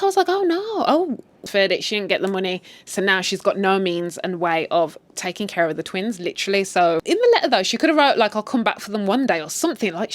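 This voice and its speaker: A woman retelling a drama series in an animated, chatty way, adding her own commentary. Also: no echo. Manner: animated, chatty, swings in pitch for emphasis. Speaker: storyteller. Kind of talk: casual story retell with commentary.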